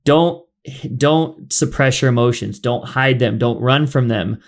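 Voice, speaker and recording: A man's voice: mid-range voice, measured pace. A man hosting a podcast in casual chat, rambling with lots of fillers. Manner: rambling, filler-heavy, chatty. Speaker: podcast host.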